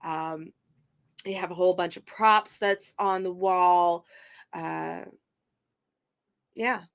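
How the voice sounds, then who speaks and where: Slow, halting woman game master. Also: fairly low pitch, fairly even intonation, creaky, clear, resonant tone. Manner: slow, halting description with many ums. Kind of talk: narrating a tabletop game.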